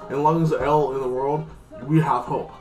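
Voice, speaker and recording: A man's voice: medium pitch, steady tone, brisk, darkish tone. A man casually recapping a TV episode in a rambling, crude way, full of fillers. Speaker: TV episode reviewer. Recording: echoey room with music.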